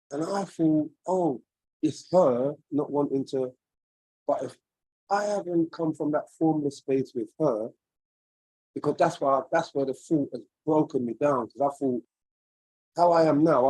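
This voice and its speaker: A man's voice: medium pitch, warm tone, breathy edge, dry recording, poor audio. A man on a video call, sharing a personal story in an earnest, searching, rambling way. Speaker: webinar participant.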